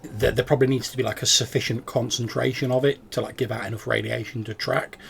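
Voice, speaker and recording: A man narrating a tabletop game as game master, describing scenes in an unhurried, descriptive way. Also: medium pitch, flat delivery, gravelly.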